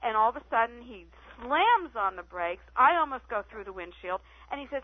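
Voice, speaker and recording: Woman guest on a phone line, animated storyteller, higher pitch, dry and tinny. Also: fairly quick, hardly any pauses, no room sound. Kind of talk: phone-in radio interview. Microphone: telephone.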